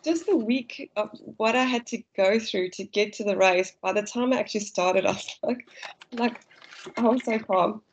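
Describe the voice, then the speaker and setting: A woman's voice: mid-range voice, moderate pace, highs cut off, a little hiss or hum. A South African woman, a guest runner, chatting casually and telling stories with frequent laughs. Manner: chatty storyteller, laughs often. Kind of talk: casual podcast chat.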